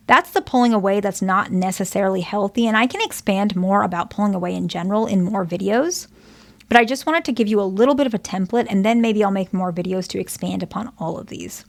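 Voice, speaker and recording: A woman therapist giving relationship advice, explaining patiently and checking in often with "okay?" and "right?". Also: mid-range voice. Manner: explains patiently with example dialogues. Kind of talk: advice monologue to camera.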